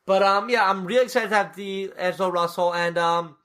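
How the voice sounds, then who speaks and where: A man's voice: sits high, steady tone, a little fast, sharp tone. A young man from New Jersey co-hosting a casual sports podcast, joking and putting on mock-somber tributes. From New Jersey, USA. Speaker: podcast co-host.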